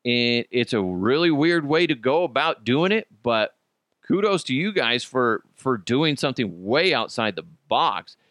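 A man from Colorado hosts a podcast in a loose, ranting style, his pitch swooping up and down as he mocks and swears. He laughs at his own jokes, and the recording is close and dry. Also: sing-song, measured pace, fairly bright tone, dry recording. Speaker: podcast host. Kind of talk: casual ranting commentary.

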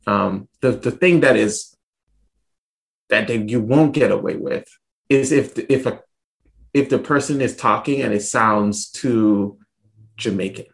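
In a relaxed interview, an author from St. Thomas, U.S. Virgin Islands, works through his answers carefully, with pauses and false starts. He speaks on the low side with a creaky quality.

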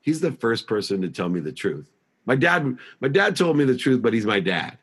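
A middle-aged man telling his life story as an interview guest, emphatic and animated. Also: mid-range voice, moderate pace, slightly rough. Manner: emphatic, acts out past dialogue in a raised voice.

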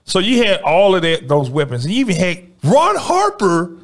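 A man's voice: sits high, huge pitch swings, normal speed. A man co-hosting a casual sports podcast, arguing in an emphatic, slangy way.

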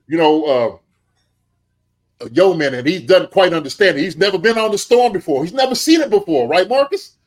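A man who played tight end, giving animated sports analysis, full of rhetorical "okay?" and "right?" check-ins. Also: high-pitched. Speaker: podcast co-host, former tight end.

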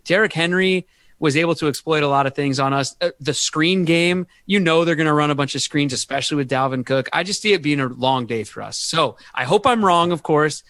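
A man's voice: on the high side, a little fast, fairly bright tone, no echo. A man hosting a sports podcast, chatting casually and rambling with restarts. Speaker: podcast host.

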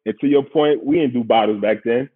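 New guy telling a story, slangy, acts out voices, husky, kinda phone-sounding. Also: mid-range voice, brisk, phone-quality sound. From Queens, New York. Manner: animated, slangy, acts out quotes. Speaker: guest. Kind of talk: casual storytelling.

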